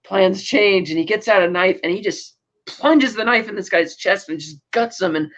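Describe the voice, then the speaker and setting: A man's voice: high voice, normal speed, a bit bright, muffled recording. A man co-hosting a podcast, recapping a TV episode in a rambling way with many fillers. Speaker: podcast co-host.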